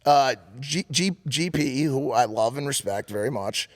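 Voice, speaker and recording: A man co-hosting a podcast, telling a story in casual chat, animated and profane. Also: medium pitch, a little slow. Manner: animated, profane, acts out quotes loudly. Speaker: podcast co-host.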